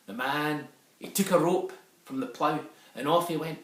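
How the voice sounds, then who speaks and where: With a fairly high, fairly bright voice at a moderate pace, a Scottish storyteller recounts a folk tale for children. He speaks with a lilt and shifts into dialect for the characters, sounding a bit distant from the mic in an echoey room.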